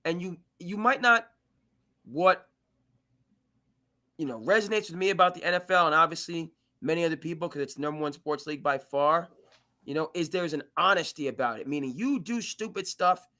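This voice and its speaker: Sports talk host, male, high and bright voice, animated debater who restarts his sentences a lot. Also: fairly quick. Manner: animated, restarts and stammers often. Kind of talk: live sports debate chat.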